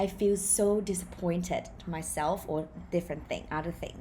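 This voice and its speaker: A woman with a Thai accent, a native Thai speaker, teaching in an online language lesson, explaining slowly and repeating and contrasting word sounds. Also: fairly low pitch, lively intonation, mellow, slight background noise.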